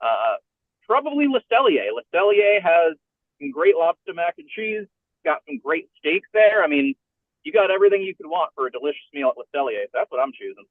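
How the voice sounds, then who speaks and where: A male guest on a tinny phone line, speaking with a high, very lively pitch. His manner is upbeat as he chats casually. The sound stays dry and narrow. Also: a little fast, no room sound. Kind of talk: casual chat.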